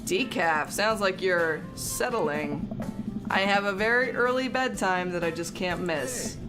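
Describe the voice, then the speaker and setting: A woman's voice: on the low side, measured pace. A woman streaming a video game, reading its dialogue aloud and chatting with viewers between lines, often breaking into giggles. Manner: giggly, chatty, reads characters with small voice shifts. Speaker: streamer playing a visual novel. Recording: game music behind the voice. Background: game music.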